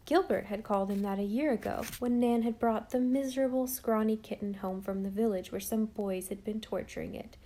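A woman narrating an audiobook in a calm, measured storytelling manner. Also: medium pitch. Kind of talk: scripted narration.

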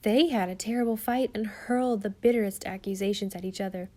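In measured, expressive storytelling, a mid-range-voiced woman narrates an audiobook.

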